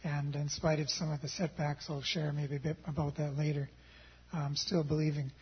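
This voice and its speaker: Hoarse man, husky raspy voice, a bit high, clears throat often, dull lo-fi sound. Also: level tone. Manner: pauses to clear his throat. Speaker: missionary guest. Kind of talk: interview answers.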